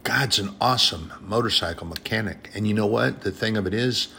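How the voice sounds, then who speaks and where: Guy giving a laid-back sermon, lowish voice, earnest and repeats himself, faint hiss behind. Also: fairly quick, gravelly, bright, forceful tone. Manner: earnest, conversational, repeats phrases. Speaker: preacher. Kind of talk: informal sermon.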